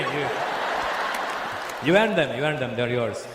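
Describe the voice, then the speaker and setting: A man doing stand-up, working the crowd loudly with a punchy, teasing delivery. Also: on the high side, very animated, brisk, pauses often. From Canada. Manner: loud, teasing, punchy delivery with comic voices. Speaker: stand-up comedian. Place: large theater stage. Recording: echoey live venue with loud crowd noise.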